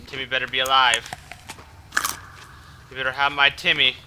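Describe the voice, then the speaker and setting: A man's voice: mid-range voice, little pitch movement, moderate pace, bright, forceful tone, a little hiss or hum. A man doing let's play commentary, swearing constantly and yelping in panic at enemies over game sounds. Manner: profane, panicky, yelps and curses at enemies. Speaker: gaming YouTuber.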